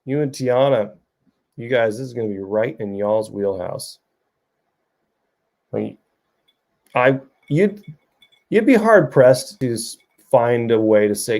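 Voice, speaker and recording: A man's voice: medium pitch, expressive, a little slow, creaky, long pauses, a little mellow. A middle-aged man, an author hosting a livestream, chatting loosely and jokingly with viewers and reading their comments. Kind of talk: casual chat.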